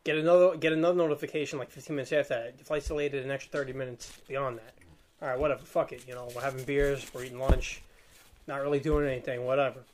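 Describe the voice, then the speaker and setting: Fast-talking New guy spinning a story. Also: medium pitch, fairly even intonation, slight background noise. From Staten Island, New York. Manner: rambling, slangy, laughs while telling. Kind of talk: casual storytelling chat.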